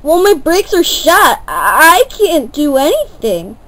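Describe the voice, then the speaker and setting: A woman voicing an eager, cheeky young male tank engine in a homemade toy-train story, excitable and quick to cry out. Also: high-pitched, exaggerated voice. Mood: alarmed. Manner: excitable, cries out in alarm.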